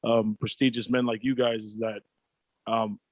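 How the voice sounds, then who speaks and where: A man's voice: fairly low pitch, level tone, normal speed, a little mellow, no room sound. A man from the Pacific Islands, a panel guest who talks in a reflective, earnest way over a video call. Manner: reflective, earnest, acts out quoted voices. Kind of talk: candid panel discussion.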